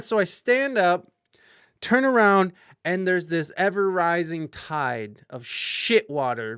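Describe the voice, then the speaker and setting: A man hosting a podcast, casually telling a profane story with loud panicked outbursts and asides to live-stream viewers. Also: sits high, measured pace, clear, resonant tone, dry recording, studio quality. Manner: animated, profane, swings into loud panicked outbursts when quoting himself. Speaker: podcast host.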